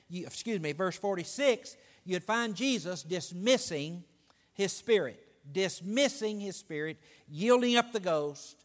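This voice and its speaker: High voiced preacher guy getting fired up, drags out words, long hall echo. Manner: rises and swells with excitement, stretching key phrases. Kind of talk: sermon.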